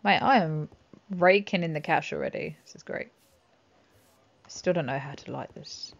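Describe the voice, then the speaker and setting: Gravelly-voiced woman chatting through a game. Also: low voice, normal speed, lo-fi sound. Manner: chatty, giggly, talks to herself. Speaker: gaming channel host. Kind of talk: casual let's-play commentary.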